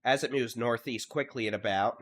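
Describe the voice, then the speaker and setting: A man's voice: mid-range voice, brisk. Texan man calling live storm warnings. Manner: steady briefing cadence, lists place names, at times monotone. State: congested from allergies. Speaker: storm chaser and severe weather streamer. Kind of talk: live weather coverage commentary.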